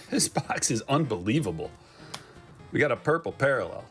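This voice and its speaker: A man hosting a card break, chatting casually and excitedly as he opens packs and jokes with viewers. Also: mid-range voice, moderate pace, faint music behind. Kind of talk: casual live commentary while opening packs.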